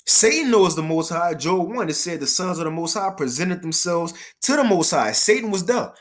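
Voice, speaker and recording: Man preaching in a casual, conversational way. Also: on the high side. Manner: conversational, says "man" and "you see" often, reads verses slowly. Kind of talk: casual sermon reading scripture.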